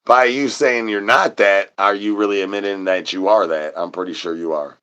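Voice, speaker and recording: A man with a very low voice hosts a livestream, rambling along in goofy chatter. He leans on silly made-up words and chants his catchphrases over and over in a singsong way. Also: fairly even intonation, moderate pace, fairly bright tone, clean tone, dull audio. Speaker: livestream host.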